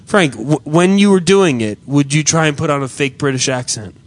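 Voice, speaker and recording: A man's voice: a little high, animated, normal speed. A man hosting a podcast, swearing freely and teasing a caller in casual comedic chat. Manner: crude, profane, mocking. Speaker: podcast host.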